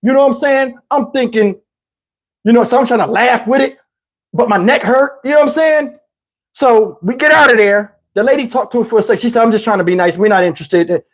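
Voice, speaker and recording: A man casually telling a personal story, animated and slangy, often breaking into laughter, on a lapel mic. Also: extremely high pitch, fairly quick. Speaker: channel host telling a story. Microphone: wireless lapel mic.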